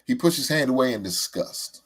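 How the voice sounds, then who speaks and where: His voice is medium-pitched with a breathy edge as the sports show host launches an animated, slightly fast tirade about his team. He stammers and doubles back on words throughout.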